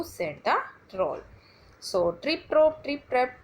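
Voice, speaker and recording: A woman, teaching a class and reading a story aloud slowly, often stopping to say "okay" and "dear students". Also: high-pitched, big pitch swings, poor audio. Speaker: English teacher.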